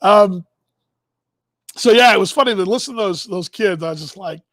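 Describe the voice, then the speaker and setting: A man from Texas, in his fifties, hosts a broadcast with a casual storytelling monologue, rambling along with chuckled asides and self-interruptions. His voice is high and fairly bright, at a moderate pace, in a dry recording.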